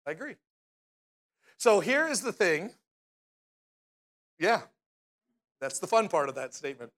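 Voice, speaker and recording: Conversational male pastor, higher voice. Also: very animated, measured pace, a bit bright. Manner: conversational, asks the crowd questions, tags lines with "right?". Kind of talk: sermon.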